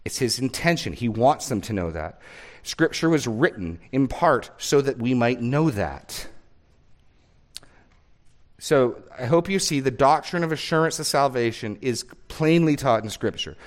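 A man's voice: mid-range voice, expressive, a little slow. A man preaching a sermon as a pastor, reading scripture aloud and stressing key words.

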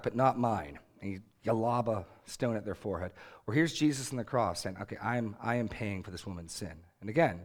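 A man's voice: mid-range voice, animated, a little fast. A man in his thirties preaching a sermon in an earnest, conversational way, rising emphatically on key points. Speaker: pastor.

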